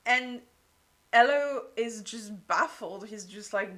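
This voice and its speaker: A woman reviews a book in casual, gushing chat, scattering "like" through her sentences. Her voice sits fairly high with a bright, sharp edge, and she takes her time. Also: takes it slowly. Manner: gushing, peppered with "like".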